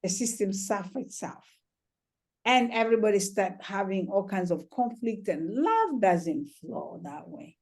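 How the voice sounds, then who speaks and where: Mellow-voiced woman healer, gentle and reflective. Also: mid-range voice, animated, unhurried. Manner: gentle, reflective, many "you know"s. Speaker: trauma healer, interview guest. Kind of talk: conversational storytelling.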